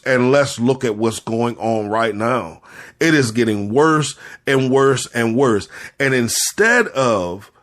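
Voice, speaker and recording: Man, mid-range voice, earnest preacher cadence, repeats lines for weight, fighting back tears. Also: medium pitch. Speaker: podcast host and spiritual leader. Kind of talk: impassioned spoken commentary.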